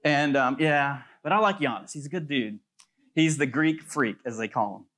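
A pastor preaching a sermon in a loose, conversational way, telling stories with plenty of fillers. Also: male voice, medium pitch, normal speed, fairly bright tone. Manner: conversational storytelling with many fillers.

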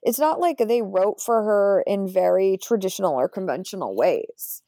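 An American woman with a gravelly, fry-laced voice rambles through her thoughts, full of "like" and "you know." She chats casually as a podcast guest in a dry, close space. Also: medium pitch, animated, moderate pace, dark tone, dry recording. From United States. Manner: rambling, many fillers. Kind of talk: casual chat.

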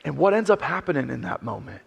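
Guy preaching, kinda high voice, big churchy echo, jokey and emphatic. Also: very animated, fast talker, vocal fry, husky, dull audio. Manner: emphatic, joking, storytelling. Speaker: pastor. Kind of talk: sermon.

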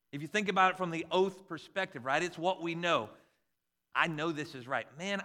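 Bright, lively man in his forties preaching. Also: fairly high pitch. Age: 40s. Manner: conversational and animated, jokes about parenting. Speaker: pastor. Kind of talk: sermon.

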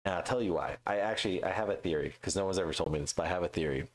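Very deep-voiced profane man ranting. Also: racing. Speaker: podcast co-host. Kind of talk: casual chat.

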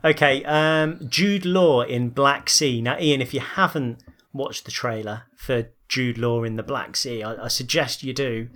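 A man's voice: medium pitch, measured pace, a bit bright. A man hosting a casual podcast, asking questions and teasing his co-host. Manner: asks questions, teases, reads out quotes. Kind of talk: casual chat.

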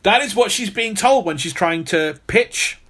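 A man's voice: high voice, lively intonation, measured pace, fairly bright tone. A man hosting a podcast, telling a long story in casual chat with many restarts. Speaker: podcast host.

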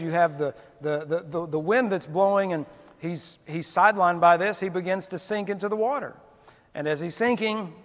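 A man's voice: high voice, fairly bright tone. Man preaching in an echoing church. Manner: conversational, candid, acts out quotes. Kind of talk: sermon. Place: church sanctuary. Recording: long reverb of a church hall.

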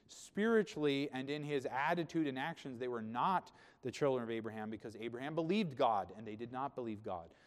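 Emphatic preacher man in a reverberant hall. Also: mid-range voice. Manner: conversational, emphatic preaching that swells to loud peaks. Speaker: pastor. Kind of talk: sermon.

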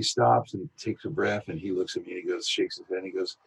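A male voiceover artist telling a lively anecdote in an interview, with a husky voice. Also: low-pitched, brisk, hardly any pauses, rough recording. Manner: animated anecdotal storytelling. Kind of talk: storytelling in an interview.

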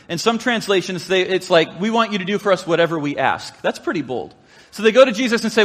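A man's voice: sits high, expressive, fast talker, fairly bright tone, in a large hall. A man preaching as a pastor, chatty and joking, slipping into playful voices for the people in the story. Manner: casual, joking asides and playful quoted voices. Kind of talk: sermon.

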